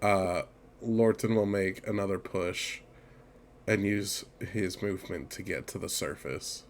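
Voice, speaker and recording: Chill game master guy, talks real slow, deeper voice, some faint noise in the background. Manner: relaxed and joking, swears and laughs. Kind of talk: running a tabletop game.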